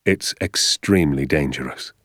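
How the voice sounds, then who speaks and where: A man voicing a calm, patient storybook father. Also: rumbling low, normal speed, no room sound, studio quality, pitched below the performer's own voice.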